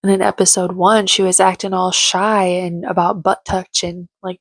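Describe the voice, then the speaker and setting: Brief: young woman, low-ish voice, gossipy and sarcastic recap chatter, dry close recording. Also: flat delivery, moderate pace, vocal fry, no room sound. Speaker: reality TV recap vlogger. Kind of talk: casual chatty commentary.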